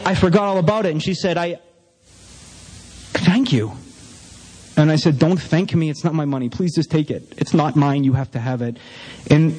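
Fast-talking man in an echoing hall. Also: medium pitch, darkish tone. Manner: earnest storytelling, emotional, repeats himself. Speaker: recovery meeting speaker. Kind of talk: personal testimony talk. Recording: reverberant hall.

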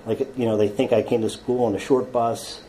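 A man telling his own life story to a group in a halting, confessional way, with frequent stammered restarts and wry self-mocking humor. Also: medium pitch, little pitch movement, over a noisy crowd, rough recording.

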